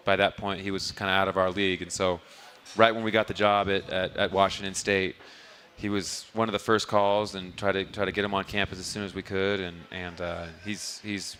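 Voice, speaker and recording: A man's voice: low voice, level tone, brisk, fairly bright tone, a little hiss or hum. A man who coaches basketball, telling rambling stories in an easygoing way during a live interview at a restaurant bar. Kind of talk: casual interview answers.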